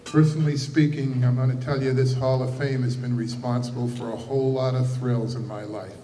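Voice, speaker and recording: A man's voice: mid-range voice, little pitch movement, fairly quick, warm tone, slight background noise. A man presenting an award at a banquet, speaking earnestly and with emphasis, with a few restarts. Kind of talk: formal ceremony speech. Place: banquet hall. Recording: echoey banquet hall from far off.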